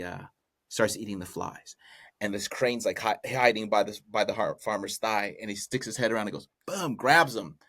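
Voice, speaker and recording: Retelling a folk tale on his podcast, a man keeps drifting into amused, rambling asides in a casual, comedic style. He has a fairly low-pitched voice with a fairly bright tone.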